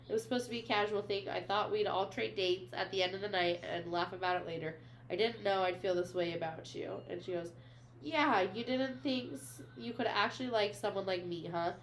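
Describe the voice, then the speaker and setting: A woman's voice: medium pitch, slight background noise. Casual woman recapping a book. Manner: retells scenes, reading quotes aloud, many "she's like" fillers. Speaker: podcast co-host.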